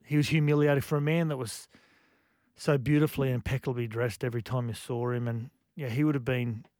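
A man, co-hosting a radio show, speaking in an emotional, reflective way with many halting restarts. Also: medium pitch, fairly even intonation, a little mellow, dry recording, studio quality. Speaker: radio co-host. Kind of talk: casual radio chat.

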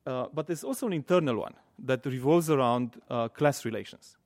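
A man's voice: medium pitch, a little fast, darkish tone, no room sound, studio quality. A man moderating an academic event, introducing the guest speaker with many hesitant fillers. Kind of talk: formal introduction.

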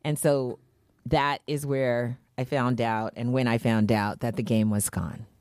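A woman radio co-host telling a story with mock melodrama, acting out quotes with big jumps in pitch. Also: steady tone, unhurried, darkish tone, no echo, clean studio sound.

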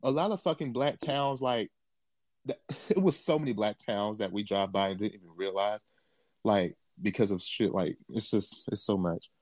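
A man co-hosting a podcast in casual chat, talking in an animated, profane way. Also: fairly low pitch, no room sound, clean studio sound. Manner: animated, profane, quick to laugh. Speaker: podcast co-host.

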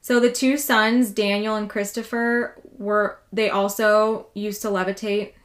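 A woman co-hosting a podcast tells a true haunting story in a level, mid-range voice at a slightly slow pace. She's a casual, chatty storyteller who swears freely and says "like" a lot.

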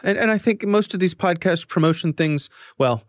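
A man's voice: sits high, moderate pace, no room sound, clean studio sound. A man hosting a podcast who explains things in a thoughtful way, with small restarts, in a casual chat. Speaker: podcast host.

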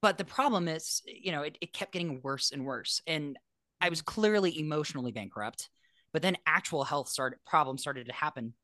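A man's voice: fairly high pitch, normal speed, no echo, clean studio sound. A man, an airline pilot, telling his story in a casual interview, frank and self-deprecating and acting out the voices he quotes. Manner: animated, acts out quoted voices.

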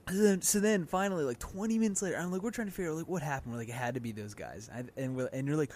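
A young man co-hosting a casual podcast chat, telling a story with lively acted-out quotes. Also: fairly high pitch, rapid-fire, few pauses. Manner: animated storyteller, acts out quotes loudly. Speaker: podcast co-host.

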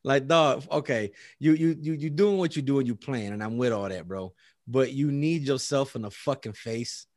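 Casting note: man, casual storyteller, medium pitch, dry close sound, animated, often laughs. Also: moderate pace, no echo. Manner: animated, acts out dialogue, laughs often, heavy profanity. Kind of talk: casual chat.

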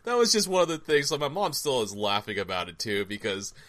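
A man's voice: medium pitch, very animated, brisk, a bit bright. A young man co-hosting a casual podcast, telling stories with a lot of laughing and swearing and acting out the voices in them. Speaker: podcast co-host. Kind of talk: casual chat, storytelling.

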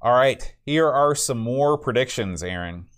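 A man's voice: mid-range voice, animated, measured pace. A man co-hosting a podcast, chatting casually and reading out listener messages. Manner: reads listener predictions aloud, chuckling. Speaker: podcast co-host. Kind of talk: casual chat.

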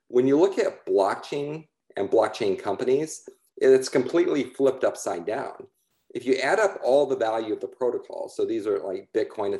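Man, low voice, mellow tone, steady explainer with fillers, roomy echo. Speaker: asset manager. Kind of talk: explanatory talk on a call.

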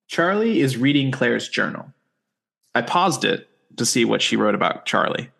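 A man's voice: mid-range voice, sing-song, moderate pace, creaky, fairly bright tone. A man co-hosting a podcast, recapping a TV episode in casual chat with sarcastic asides. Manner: wry, sarcastic asides while summarizing.

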